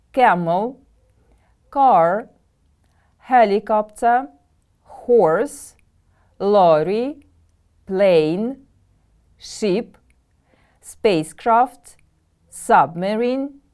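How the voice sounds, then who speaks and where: A woman from Kyrgyzstan teaching a televised English vocabulary lesson, speaking slowly and carefully and repeating each word for her pupils. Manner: slow, careful, lively pitch, repeating words for pupils.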